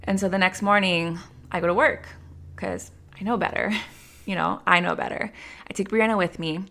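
A woman's voice: medium pitch, steady tone, moderate pace, creaky, a bit bright. A woman telling her life story in an interview, talking candidly with lots of "like" and "you know.". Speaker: interview guest. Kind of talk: personal storytelling in conversation.

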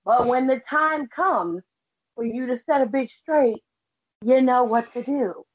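A woman's voice: high-pitched, measured pace, slight background noise. American woman cohost laying it out, emphatic, swearing, muffled lo-fi audio. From United States. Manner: emphatic, explanatory, profane. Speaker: podcast co-host. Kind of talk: casual chat.

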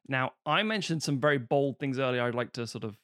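A man from the UK co-hosting a casual film podcast, animated and swearing as he acts out comic bits. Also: medium pitch, brisk, dry recording, studio quality. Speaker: podcast co-host.

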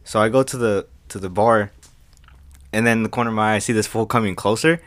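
A man's voice: fairly low pitch, fairly even intonation, fast, no echo. A young man casually telling a rambling story on a podcast, acting out both sides of the dialogue. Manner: rambling, acts out dialogue, many fillers. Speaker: podcast co-host.

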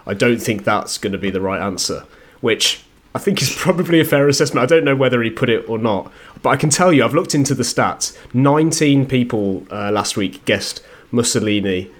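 Relaxed co-host, mid-pitched, runs the listener mailbag. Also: male voice, fairly quick. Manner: easygoing, reads out listener comments. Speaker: podcast co-host reading listener messages. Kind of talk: casual chat. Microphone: video call.

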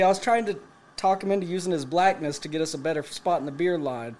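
A man in his late twenties telling a profane story to friends, animated and laughing as he goes. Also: sits high, fast talker. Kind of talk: casual storytelling among friends.

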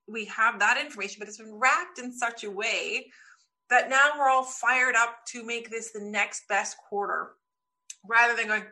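A woman guest in a casual interview, telling lively stories and acting out what people said. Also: on the high side, normal speed. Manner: lively storyteller, acts out quotes. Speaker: podcast guest.

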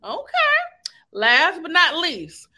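A woman hosts a loose, casual interview, teasing her guest and laughing often. Her voice sits high and bright. Her pitch swings widely from line to line. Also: sing-song, slow. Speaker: host.

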